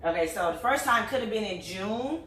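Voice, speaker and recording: A middle-aged woman hosting a casual talk, telling a family story in an animated, chatty way with lots of fillers. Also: mid-range voice, brisk, recorded from a distance, slight background noise. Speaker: host. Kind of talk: casual chat. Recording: echoey room, voice a bit off-mic.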